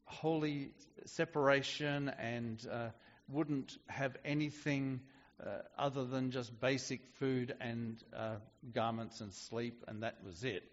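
A man's voice: mid-range voice, steady tone, slow, muffled recording. Preacher man in a reverberant hall. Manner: conversational with frequent restarts and fillers. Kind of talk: sermon.

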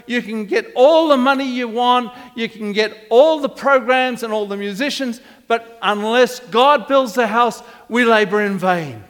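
A man's voice: very high-pitched, unhurried, few pauses. An older man preaching a sermon as pastor in a church, rambling into digressions with frequent restarts. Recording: echoey hall reverb.

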